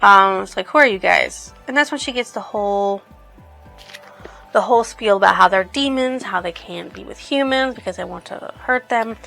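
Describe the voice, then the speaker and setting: A woman's voice: mid-range voice, normal speed, creaky, pushed and bright, soft background music. A woman casually reviewing a book, retelling the plot in a rambling way. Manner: rambling, lots of "she's like".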